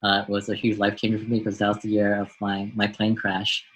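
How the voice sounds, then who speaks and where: Bright-voiced American man recalling. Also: on the low side, completely flat delivery, slight background noise, low-quality recording. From United States. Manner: reflective, halting with repeated words. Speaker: guest, doctor and mentor. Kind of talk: podcast interview.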